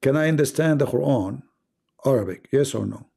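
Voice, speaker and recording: A man hosts a live online debate, and his voice is gravelly with a dark, mellow tone. He argues in broken English, cuts in often, and repeats phrases to hammer his point home. He speaks into a computer mic on a stream. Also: medium pitch, brisk. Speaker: debate host.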